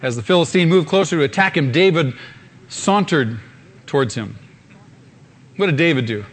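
A man's voice: a little high, lively intonation, moderate pace. A man preaching a sermon with fervor, acting out scenes in sudden bursts. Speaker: pastor.

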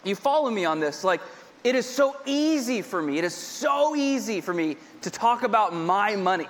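A man's voice: sits high, very animated, moderate pace. A man preaching a sermon to a congregation in a conversational way, repeating his points and adding humorous asides. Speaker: pastor. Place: large church hall with a congregation. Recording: long hall reverb.

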